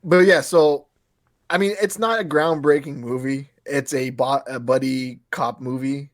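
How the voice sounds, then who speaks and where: A man in his thirties co-hosting a podcast, excitable and swearing freely, his pitch jumping up when he gets worked up. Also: unhurried, dry recording, clean studio sound. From Europe. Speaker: podcast co-host. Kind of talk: casual chat.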